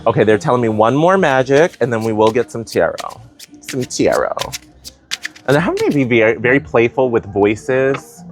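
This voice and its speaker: A man giving a casual spiritual tarot reading, animated and playful, thinking aloud with lots of "like" and "you know". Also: medium pitch, a little fast, hardly any pauses, faint music behind. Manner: animated, playful, many fillers like "like". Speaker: tarot reader.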